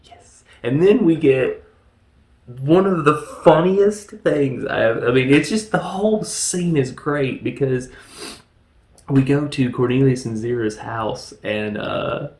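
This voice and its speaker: A man's voice: mid-range voice, takes it slowly, darkish tone. A man casually reviewing a film, laughing often and recapping scenes with mock voices. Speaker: movie reviewer. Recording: echoey room.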